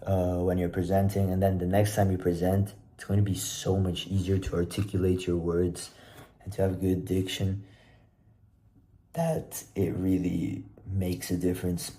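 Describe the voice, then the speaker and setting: A young man casually sharing presentation tips to his own camera, relaxed and self-deprecating. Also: low-pitched, moderate pace. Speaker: presenter giving speaking tips. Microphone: self-recording camera.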